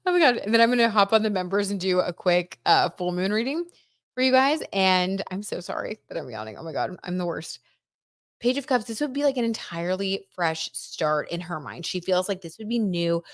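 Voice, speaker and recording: A young woman hosting a casual live-stream tarot reading, chatty and excitable, reading out viewer comments and reacting with frequent exclamations. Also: medium pitch, brisk, no room sound, studio quality. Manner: chatty and excitable, lots of "oh my god" and "like".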